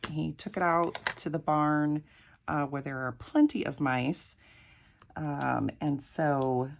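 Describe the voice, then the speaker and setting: A crafting vlogger speaks in a low, slow voice with vocal fry. She tells a rambling, chatty story while she crafts, laughing often, in a casual storytelling style.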